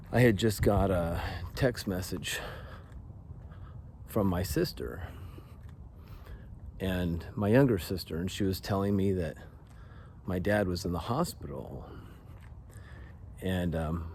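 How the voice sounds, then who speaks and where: A man in his forties with a lowish voice tells a story straight to his viewers. He speaks earnestly and haltingly, doubling back on his words. A faint hiss sits under the recording. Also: darkish tone. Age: 40s. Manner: earnest, halting, restarts often. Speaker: vlogger sharing a personal story. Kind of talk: casual confessional storytelling.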